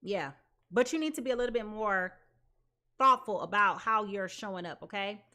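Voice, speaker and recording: A woman's voice: mid-range voice, normal speed, sharp tone. A woman giving a live tarot reading, talking in an emphatic, repetitive way with casual slang. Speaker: tarot reader.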